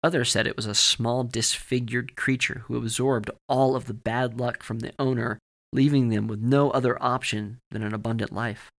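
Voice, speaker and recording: A man narrating a scripted horror story for a podcast in a measured, steady way. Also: mid-range voice, vocal fry.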